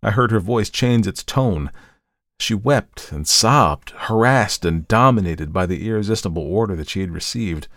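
A male narrator reads a first-person tale in a measured, steady way. His voice sits low with a gravelly texture. The recording is dry and close with no room sound. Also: no room sound. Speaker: audiobook narrator.

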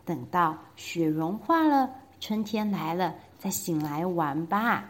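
A woman voicing a patient mother frog in a children's storybook, gently reminding her child to sleep. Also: fairly low pitch, expressive, pitched below the performer's own voice. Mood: gently scolding. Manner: slow, soothing, admonishing.

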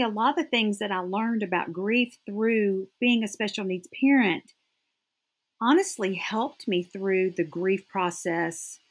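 Husky-voiced woman sharing earnest testimony. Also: mid-range voice. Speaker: guest. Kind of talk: faith-based interview conversation.

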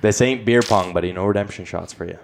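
A man's voice: on the low side, fast talker, vocal fry, slight background noise. A man from Calgary in casual chat with friends, teasing and swearing in a laid-back way. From Calgary, Canada.

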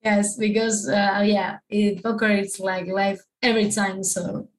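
Halting, word-searching woman guest. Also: mid-range voice, flat delivery, low-quality recording. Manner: halting, with many restarts and searches for words. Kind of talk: casual interview chat.

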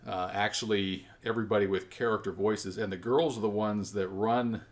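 Man, low voice, casual podcast chat, rambling, game host. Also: fairly even intonation, normal speed. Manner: rambling, self-correcting, chatty.

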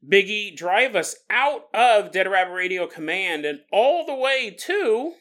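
A man hosting a podcast, telling a joking story with frequent laughs in a playful, animated way. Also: high-pitched, measured pace. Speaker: podcast host. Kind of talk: comedic storytelling monologue.

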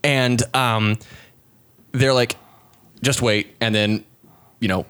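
A man's voice: medium pitch, fairly even intonation, takes it slowly, fairly bright tone, smooth. Rambling, laid-back podcast guy. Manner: laid-back, rambling, acts out quotes in goofy voices. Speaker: podcast co-host. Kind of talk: casual retelling of a Bible story.

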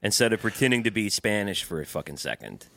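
Animated, bright-voiced man chatting on a podcast. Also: fairly low pitch, fast, vocal fry, no echo, studio quality. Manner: animated, mocking, swears, laughs often. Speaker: podcast co-host. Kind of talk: casual comedic chat.

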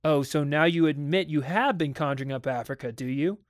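A man gives voice to a worried father in a spoken storybook. He sounds stern and exasperated, and his outbursts turn sharp. The voice sits a little high, with a close, dry sound. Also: brisk, dry recording, lightly acted. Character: anxious wealthy father, stern and uneasy. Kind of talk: dramatic audiobook reading.

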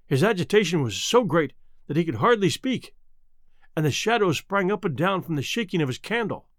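Male audiobook narrator, dramatic and expressive, lively high voice, dry close sound. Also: brisk, dry recording. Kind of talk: scripted narration.

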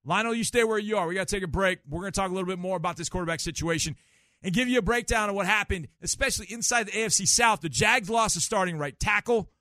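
A middle-aged man hosting a sports talk radio call-in show, explaining football plays in an animated, emphatic way. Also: high voice, quick pace, dry recording, clean studio sound. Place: radio studio. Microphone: studio microphone.

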